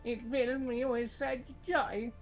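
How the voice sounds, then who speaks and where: A man voicing a doddering, gentle and grateful old woman in a soft, pleading voice. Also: very high-pitched, little pitch movement, a little slow, soft background music, voice pushed up, low-quality recording. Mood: wistful.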